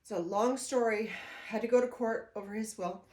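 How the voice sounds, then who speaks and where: A woman's voice: on the high side, normal speed, darkish tone. An older woman vlogging casually at home, chatty and emotional, rambling with frequent restarts. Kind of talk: casual vlog talk to camera. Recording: echoey room.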